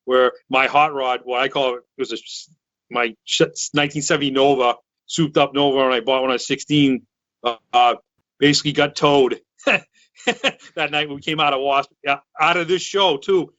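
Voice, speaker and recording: Man, thirties, from Massachusetts, loud rambling storyteller, forceful bright voice, dry dull lo-fi sound. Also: mid-range voice, moderate pace, no room sound. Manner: loud, excitable, rambling with restarts. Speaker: podcast co-host. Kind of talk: casual storytelling chat.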